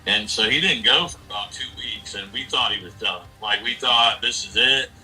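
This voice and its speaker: A man's voice: on the low side, moderate pace, pushed and bright, far from the mic, faint music behind, rough recording. A man in his forties in casual chat, talking bluntly and with a lot of swearing as he rambles through a family story. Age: 40s. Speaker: streamer.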